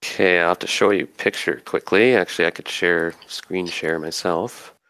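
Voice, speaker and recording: A man narrating as game master in a tabletop game, describing scenes in an unhurried way with fillers. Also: low-pitched, fairly even intonation, bright, forceful tone.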